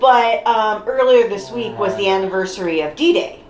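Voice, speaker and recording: A woman co-hosting a casual podcast chat, lively and wry. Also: medium pitch, moderate pace, echoey room, a little hiss or hum. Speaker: podcast co-host.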